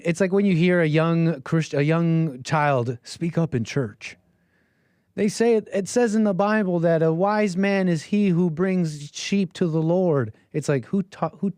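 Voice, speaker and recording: Hosting a call-in show, a man with a fairly high, darkish voice reads text aloud and responds with incredulous, mocking remarks in a casual way. Frequent chuckles punctuate his commentary, and the recording has no room sound.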